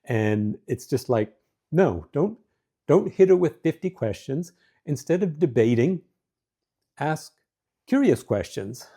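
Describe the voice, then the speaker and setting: A middle-aged man hosting a show, giving marriage advice in a relaxed, conversational way with frequent fillers. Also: on the high side, takes it slowly, pauses often, breathy edge. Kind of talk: casual advice talk.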